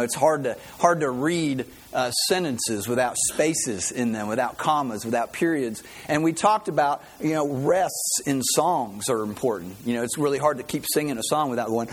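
A man's voice: a little high, slightly rough. A man preaching a sermon as pastor, a folksy, joking storyteller who greets visitors and tells a funny story before his message.

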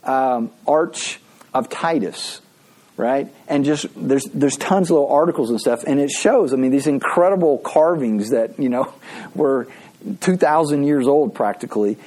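Man, pastor, casual Bible study teaching, eager and chatty, frequent asides, mid-pitched voice. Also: a little slow, darkish tone, rough recording.

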